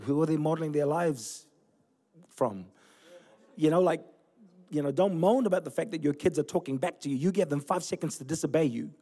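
A pastor in his forties, originally from Fiji, delivers a sermon through lively personal stories. His voice sits somewhat high for a man. He laughs at his own mishaps as he goes. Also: brisk. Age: 40s. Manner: storytelling, animated, laughing at himself. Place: church.

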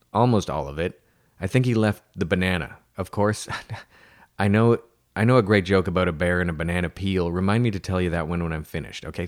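Deep-voiced man telling a rambling joke. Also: dry recording, studio quality. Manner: rambling, self-correcting joke teller. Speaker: audiobook narrator. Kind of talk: humorous scripted narration for children.

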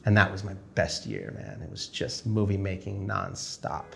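A man's voice: sits low, creaky. A male film director telling a story casually, acting out the conversations he quotes. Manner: animated, acts out dialogue in quick quoted exchanges.

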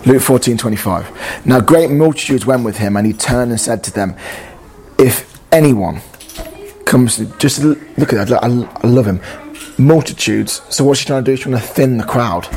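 A man's voice: medium pitch, moderate pace, a little mellow. A man preaching an informal sermon, earnest and conversational, reading scripture and acting out inner dialogue.

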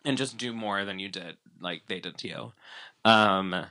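Bright-voiced man in casual recap chat. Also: on the low side, unhurried. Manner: animated, swearing, filler-heavy with frequent "like". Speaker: podcast co-host.

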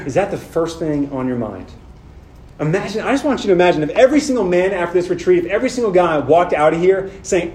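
Young male speaker, high-pitched and animated, casual sermon delivery, echoey room. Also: brisk, a little hiss or hum. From Southern California. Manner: casual, animated, talks directly to the audience. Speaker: speaker at a men's retreat.

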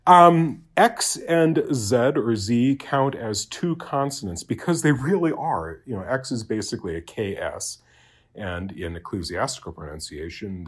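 A man giving an informal spoken Latin lesson, hesitant and full of fillers, slowly sounding out example words and checking in with "okay?". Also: on the low side, slightly rough. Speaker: Latin teacher.

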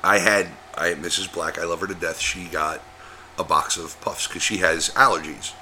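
Crude joking man with a bright voice. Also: deep voice, fairly even intonation, moderate pace, slight background noise. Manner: crude, joking, swears freely. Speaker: podcast co-host. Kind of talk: casual chat.

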